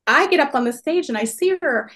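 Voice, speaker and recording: Woman, 40s, expressive motivational speaker, slightly high voice. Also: a little fast. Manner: animated, expressive storyteller addressing audience. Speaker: workshop speaker. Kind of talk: personal storytelling talk.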